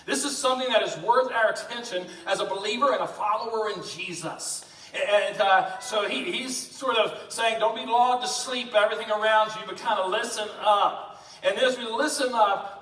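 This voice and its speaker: A man preaching a lively, joking sermon in a church, talking fast and addressing the congregation. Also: high-pitched. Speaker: pastor. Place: church sanctuary. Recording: echoey church from a distance.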